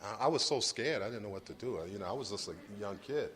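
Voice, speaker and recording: A man in his fifties from Brooklyn, New York, giving a lively storytelling lecture and acting out scenes for the audience. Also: fairly low pitch, quick pace. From Brooklyn, New York, United States. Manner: animated, acts out scenes, addresses the audience directly. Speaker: guest lecturer.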